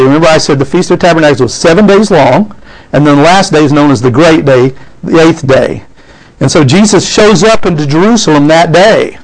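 A man's voice: fairly high pitch, rough recording. A man preaching a sermon, reading scripture aloud and calling out "amen?" to his congregation.

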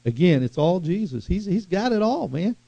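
A male preacher delivers a fervent sermon, his gravelly voice swinging into sudden loud bursts. The recording is dry and a little muffled, with no room sound. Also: high-pitched, big pitch swings, moderate pace, no room sound.

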